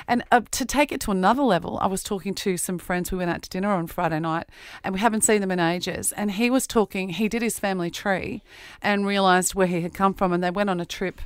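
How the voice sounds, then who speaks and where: A woman's voice: medium pitch, fast, clean tone, dry recording. A middle-aged woman co-hosting a radio show, chatting and telling reflective stories, laughing often. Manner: warm, reflective storyteller who laughs often. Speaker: radio co-host. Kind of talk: casual chat.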